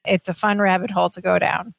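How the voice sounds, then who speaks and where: A woman's voice: lowish voice, quick pace, vocal fry, dry recording. A young adult woman from the Chicago area co-hosting a podcast, recapping a sitcom episode in casual chat and acting out the characters' lines as she goes. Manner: animated, acts out characters' lines while retelling scenes. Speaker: podcast co-host.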